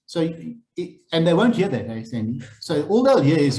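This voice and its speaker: A man's voice: on the high side, sing-song, normal speed, few pauses, darkish tone. A man giving a blunt, informal training talk to property agents, acting out phone calls with clients. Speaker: real estate agency principal training agents. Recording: echoey room, faint noise.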